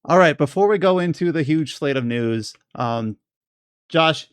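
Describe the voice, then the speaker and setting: A man's voice: fairly high pitch, animated, unhurried, clean tone, no room sound. A man hosting a casual podcast, talking in a rambling way with many restarts as he steers the conversation. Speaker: podcast host.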